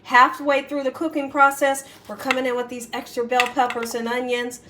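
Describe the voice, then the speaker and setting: Woman cooking show host, high voice, chatty, echoey kitchen. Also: little pitch movement, normal speed, sharp tone, a little hiss or hum. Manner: chatty, coaxing, frequent "okay?" and "right?" check-ins. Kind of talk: home cooking demonstration. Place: home kitchen.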